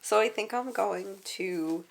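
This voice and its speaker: A woman's voice: medium pitch, slow pace, vocal fry. A young woman chatting casually and emotionally in a reading vlog, tired and full of exclamations. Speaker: book vlogger.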